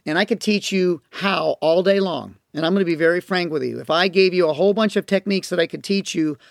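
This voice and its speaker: High gravelly-voiced male parenting coach. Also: fast talker, no echo, studio quality. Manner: emphatic, repeats key phrases. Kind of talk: instructional talk to parents.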